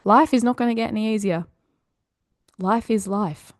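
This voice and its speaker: A woman's voice: mid-range voice, normal speed, no echo. Woman, podcast host, motivational monologue, encouraging, chatty, dry close mic.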